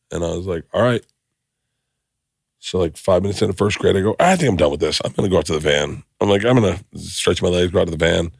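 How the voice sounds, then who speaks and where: Middle-aged guy on a podcast, low gravelly husky voice, telling a story all emotional and laughing. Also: fairly quick, no echo, clean studio sound. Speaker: podcast host. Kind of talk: casual storytelling chat.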